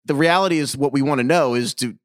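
A man's voice: medium pitch, fast, dry recording. A man co-hosting a podcast in casual chat, joking and playful, full of pop-culture references, on a studio microphone. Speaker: podcast co-host.

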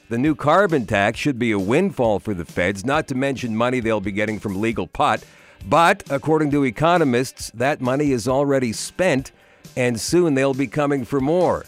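A Canadian man reads a scripted news commentary segment on the radio, his pitch sitting in the middle. He slips in wry asides between figures. Faint music plays under his voice.

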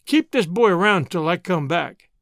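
A grave, generous Western miner with a plain folksy drawl , voiced by a man reading the story aloud. The voice sits fairly high and moves in a lively way, recorded dry and close. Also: normal speed, no room sound.

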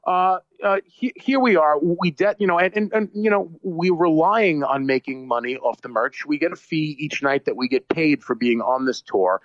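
A man tells a long tour story in a casual interview, rambling and restarting as he goes. His voice is fairly high. The recording is dry and a little muffled and lo-fi. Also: normal speed, hardly any pauses, no room sound. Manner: rambling, animated, many restarts and fillers. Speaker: touring musician guest. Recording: slightly muffled dry lo-fi audio.

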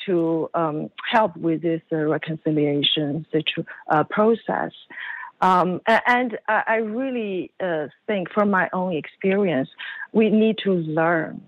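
Woman guest, halting with fillers, slow, tinny phone line. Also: fairly low pitch, no room sound. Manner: hesitant, many fillers. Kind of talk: interview conversation.

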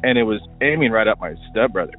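A man's voice: on the low side, lively intonation, fast talker, soft background music. A man from Washington State calling in to tell a rambling story, full of fillers, as a recorded voicemail. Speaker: caller. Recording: tinny phone line.

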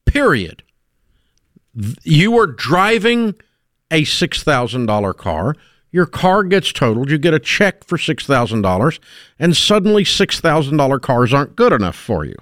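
A man's voice: on the high side, very animated, normal speed, a bit bright, dry recording, studio quality. Blunt, emphatic man hosting radio. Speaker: radio talk show host. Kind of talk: call-in radio commentary.

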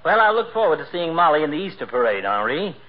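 A sharp-tongued wisecracking town doctor. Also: male voice, on the high side, very animated, quick pace. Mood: needling. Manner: dry, needling wisecracks. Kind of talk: 1940s radio comedy acting. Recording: muffled radio broadcast with loud hiss.

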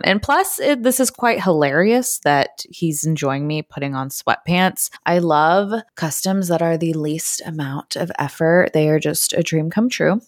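Chatty lady vlogging, kinda low voice, laughs a lot, dry close sound. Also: normal speed, few pauses, no echo. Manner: chatty, laughing, animated with sudden pitch jumps. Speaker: adult content creator vlogger. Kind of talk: casual storytelling vlog.

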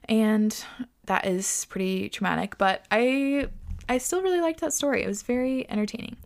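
A young woman with a fairly high voice hosts a casual podcast, reading listener stories aloud. She reacts with loud exclamations, frequent laughter and free swearing, talking loosely and chattily. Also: normal speed, creaky.

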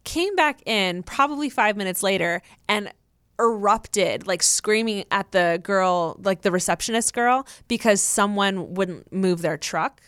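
A woman's voice: mid-range voice, a little slow, fairly bright tone, clear, resonant tone, no echo, clean studio sound. A young woman co-hosting a podcast, chatting casually and reacting expressively. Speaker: podcast co-host. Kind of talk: casual chat.

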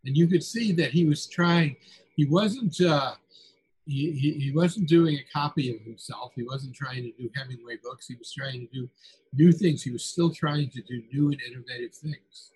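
An older man speaking in a husky, breathy voice, at a middle pitch for a man. He's the author guest in an interview, telling anecdotes conversationally, often chuckling and tripping over his words. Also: moderate pace, darkish tone, low-quality recording. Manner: chuckling anecdotal storyteller with frequent restarts.

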